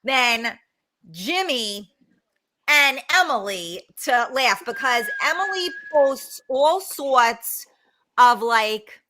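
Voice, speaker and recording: High, bright-voiced woman hosting a talk show. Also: animated, extremely slow, slight background noise. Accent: regional American accent. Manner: blunt, profane and giggly. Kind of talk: live talk show chat. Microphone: video call.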